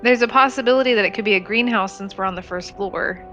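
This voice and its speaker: A woman playing a tabletop game, joking and lively in casual chat. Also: mid-range voice, fast, muffled recording, soft background music. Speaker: player.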